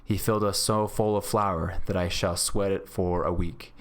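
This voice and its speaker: A man's voice: deep voice, fairly even intonation, normal speed, natural voice. A man voicing a blunt young male outlaw, a miller's son, in a storybook read-aloud. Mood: rueful.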